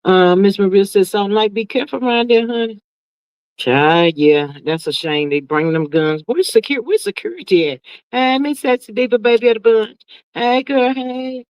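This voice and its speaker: A woman hosting a casual livestream, reading viewer comments aloud and reacting in a sassy, drawn-out way, calling everyone "child" and "honey". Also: mid-range voice, darkish tone, clean tone, no echo. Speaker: livestream host. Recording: dull, lo-fi, dry sound.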